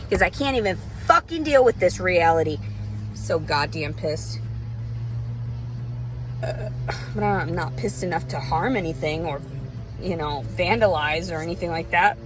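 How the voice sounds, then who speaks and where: A woman's voice: on the low side, poor audio. A woman with a Southern US accent ranting bitterly and profanely in a rambling, unscripted monologue. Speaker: vlogger. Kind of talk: unscripted personal rant.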